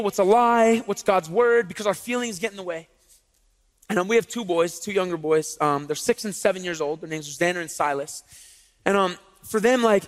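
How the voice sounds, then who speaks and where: A man in his thirties preaches in a relaxed, animated style, telling stories and tossing rhetorical questions at his congregation. His voice sits unusually high for a man. A long reverb trails off it, as in a large church hall. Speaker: pastor. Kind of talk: sermon with casual storytelling.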